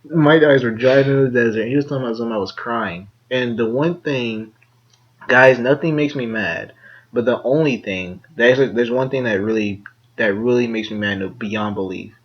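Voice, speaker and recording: Young man telling a rambling story. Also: normal speed. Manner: animated storyteller, many "like"s, acts out quotes. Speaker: podcast co-host. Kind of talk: casual chat, storytelling. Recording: dull low-quality audio.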